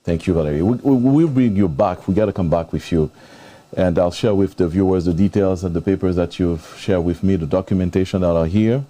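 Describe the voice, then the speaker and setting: Deep-voiced emotional male interview host. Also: brisk, mellow. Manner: emotional, effusive thanks. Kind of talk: live interview show.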